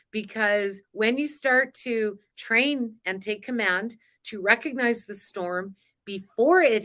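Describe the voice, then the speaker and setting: A woman with a medium-pitched, somewhat bright voice hosts a spiritual coaching live stream. She grew up on a farm and talks casually in a chatty, emotional way, laughing often.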